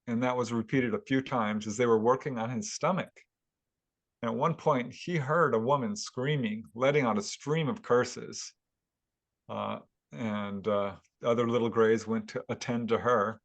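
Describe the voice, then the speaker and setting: A man, a guest author, telling a story at length in a casual interview, animated and laughing now and then. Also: mid-range voice, a little slow. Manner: animated retelling with chuckles. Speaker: guest author and UFO investigator.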